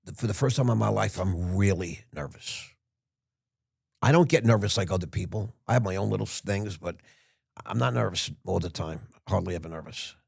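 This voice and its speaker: Older guy rambling through a story, lots of restarts, gravelly low voice, dry sound. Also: fairly quick, no room sound. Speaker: podcast guest. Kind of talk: casual storytelling.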